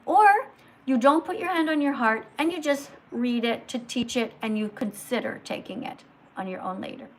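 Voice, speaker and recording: A woman hosting a livestream, lecturing slowly and emphatically like a teacher. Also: on the high side, slight background noise. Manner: slow, emphatic teacher-like delivery. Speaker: livestream host.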